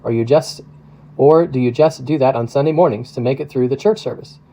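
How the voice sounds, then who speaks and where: In a brisk, mellow, natural mid-range voice, a man voices a chatty, teasing middle-aged woman who runs a small-town post office. The character has a Midwestern American accent and comes across folksy and nosy, and the recording quality is low.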